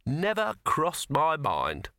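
A man's voice: on the high side, wildly swooping pitch, takes it slowly, sharp tone, no room sound, clean studio sound, voice pushed up, exaggerated voice. A man voicing a shrewd young man who needles with pointed understatement, in an audiobook reading. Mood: needling.

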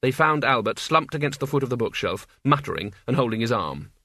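A man reads a story aloud in an even, measured voice of middle pitch. His delivery is steady and controlled. The recording is dry and close. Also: no echo. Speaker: audiobook narrator. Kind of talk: scripted narration.

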